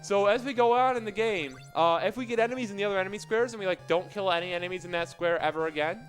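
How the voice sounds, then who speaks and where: A man's voice: high-pitched, quick pace, faint music behind, rough recording. A man commentating live on his speedrun of a game, explaining its mechanics in a joking, rambling way. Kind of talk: live commentary while playing.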